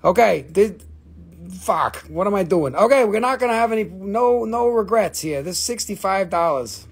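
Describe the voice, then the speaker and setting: A fairly high-voiced man runs a live auction of rocks and minerals from his shop. He is excitable, swears freely and mocks himself as he knocks the prices down. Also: normal speed, vocal fry, husky. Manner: excitable, swearing, self-mocking. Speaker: live-stream rock seller. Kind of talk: live auction sales stream.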